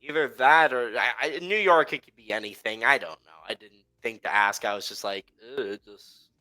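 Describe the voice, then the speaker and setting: This man, a podcast co-host, rambles through a travel story in casual conversation, leaning heavily on fillers and laughing along the way. His medium-pitched voice is a little fast with a sharp tone, and the recording is rough.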